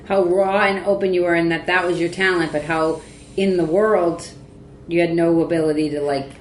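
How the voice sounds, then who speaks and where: Woman host, low voice, probing interviewer, roomy sound with faint noise. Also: steady tone, normal speed. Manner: probing, sums up the guest's points. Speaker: podcast host. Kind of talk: interviewing a guest.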